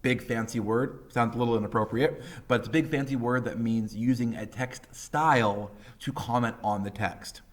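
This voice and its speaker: A man in his thirties lecturing as a high school English teacher, talking casually and animatedly with many fillers and voiced quotes. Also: steady tone, normal speed, hardly any pauses. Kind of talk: classroom lecture.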